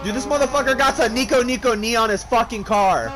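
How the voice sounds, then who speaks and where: A young man casually commentating a multiplayer game with friends, loud and excitable, swearing often and breaking into shrieking laughs. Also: very high voice, quick pace, over music. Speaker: gaming streamer.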